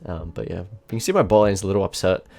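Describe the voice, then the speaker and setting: Low-voiced man giving casual game commentary. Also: vocal fry, darkish tone. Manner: casual and rambling, swears often, quick restarts. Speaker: gaming video creator. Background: faint background music.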